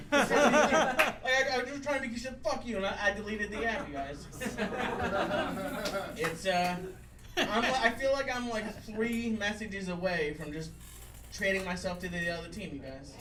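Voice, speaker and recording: A man's voice: high-pitched, normal speed, over a noisy crowd. A young adult man performing a self-deprecating stand-up set at a live show, rambling with many fillers. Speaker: stand-up comedian. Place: comedy venue with live audience. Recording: roomy live room, far from the mic, noisy. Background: audience laughter.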